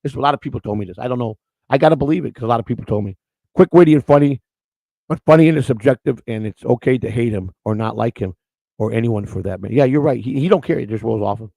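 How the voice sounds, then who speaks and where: A man's voice: mid-range voice, fast, creaky, warm tone, dry recording, low-quality recording. A man hosting a live-stream morning show, rambling in unscripted chat, blunt and crude, restarting his words again and again.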